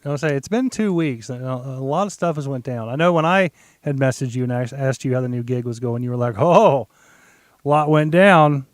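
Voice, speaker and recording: A man's voice: medium pitch, fast, no echo. Joking man hosting a podcast. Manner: joking, filler-heavy, asks lots of questions. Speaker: podcast host. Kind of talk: casual podcast chat.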